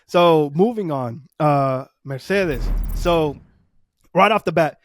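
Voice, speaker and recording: A man co-hosting a podcast in casual chat, excitable and quick to laugh. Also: fairly high pitch, a little hiss or hum. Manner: excitable, laughs often, fast bursts. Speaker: podcast co-host.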